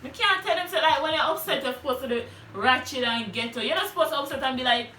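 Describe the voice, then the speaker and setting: A woman's voice: sits high, fast, pushed and bright. A young woman with a Jamaican accent hosting a casual chat, giving blunt opinions in Patois. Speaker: host. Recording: roomy, distant mic, faint noise.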